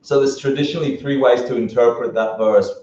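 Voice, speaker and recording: A man teaching a relaxed class on Buddhism, joking and laughing often as he talks. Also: medium pitch, a little fast, distant mic. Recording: echoey dull room recording from afar.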